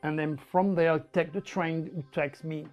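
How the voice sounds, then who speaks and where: French-accented man, high voice, animated storyteller, faint music behind. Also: measured pace. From France. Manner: animated, emphatic, with repetitions and laughs. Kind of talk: personal storytelling monologue.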